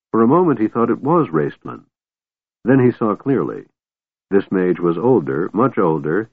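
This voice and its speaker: A man narrating a fantasy novel in a steady, measured way, recorded dry with a narrow phone-like sound. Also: deep voice, dry recording. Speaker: audiobook narrator.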